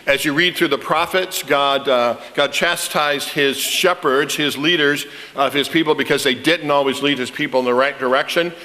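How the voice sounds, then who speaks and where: A man preaching a sermon as a pastor, telling stories in an animated way and repeating words as he starts phrases. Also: on the high side, moderate pace, hardly any pauses. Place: church sanctuary. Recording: reverberant church sanctuary.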